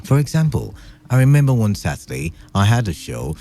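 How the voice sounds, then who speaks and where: Lively low-voiced radio host. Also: male voice, brisk. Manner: chatty, playful, rambling with many fillers. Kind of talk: casual radio talk. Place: radio studio. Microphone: studio microphone.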